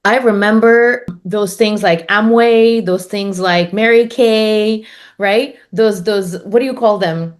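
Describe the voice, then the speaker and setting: A woman's voice: medium pitch, takes it slowly. A woman co-hosting a casual podcast, thinking aloud and searching for words as she talks. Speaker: podcast co-host.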